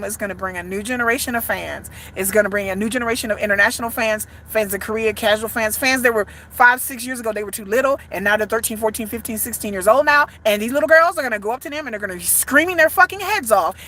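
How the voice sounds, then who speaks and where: A woman with a high, bright and forceful voice delivers ranting commentary as a content creator. She is blunt and emphatic and curses freely. Her delivery leans into every point. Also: a little hiss or hum. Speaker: fan content creator for a pop group.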